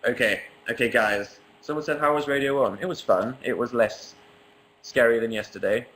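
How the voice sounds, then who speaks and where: A man's voice: medium pitch, normal speed, a bit bright, low-quality recording. Wry young English guy livestreaming. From England. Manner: wry, sarcastic, self-mocking. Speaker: livestream host. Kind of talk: casual livestream chat reading comments. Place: apartment living room.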